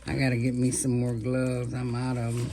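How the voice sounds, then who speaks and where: A woman's voice: a bass voice, monotone, moderate pace, dark tone, slight background noise. A woman over fifty, chatting casually to viewers as she seasons and fries chicken. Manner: chatty, talks to viewers while cooking. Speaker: cooking vlogger. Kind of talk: casual cooking vlog.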